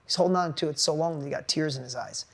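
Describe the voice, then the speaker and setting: A man giving a blunt, energetic motivational talk to an audience as a business coach, casual and swearing freely. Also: on the high side, fast talker.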